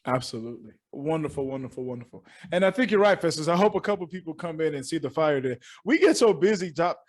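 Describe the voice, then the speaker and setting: A man's voice: on the high side, lively intonation, fast. A man hosting a student mentoring podcast, upbeat and effusive, repeating words for emphasis. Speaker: host. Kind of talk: casual podcast chat.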